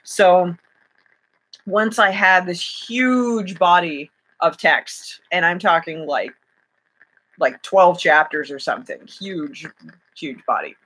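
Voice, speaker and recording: A woman's voice: on the low side, takes it slowly, fairly bright tone, breathy edge. A woman chatting on a live stream from home, giggly and rambling, with many fillers and restarts. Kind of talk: casual live-stream chat.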